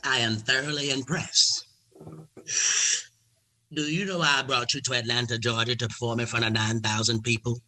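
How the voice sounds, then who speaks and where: A man putting on the voice of a famous male comedian, speaking calmly and grandly. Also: mid-range voice, slight background noise, rough recording. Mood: solemn. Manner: slow, calm, lordly. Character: famous male comedian, cool, unhurried, regal.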